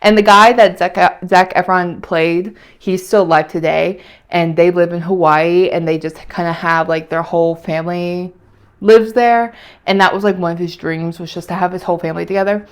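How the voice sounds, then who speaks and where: A woman's voice: lowish voice, steady tone, moderate pace, clear, resonant tone. A young woman chatting casually in a weekly vlog, rambling and emotional, with many fillers. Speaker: vlogger. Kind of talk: casual weekly catch-up chat.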